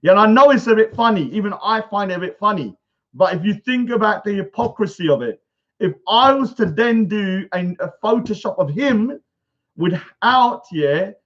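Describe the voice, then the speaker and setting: A man's voice: sits high, a bit bright. A man ranting and mocking his rivals in a casual vlog, swearing often, recorded at home in a bungalow. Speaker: vlogger. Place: bungalow room. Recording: dull lo-fi recording.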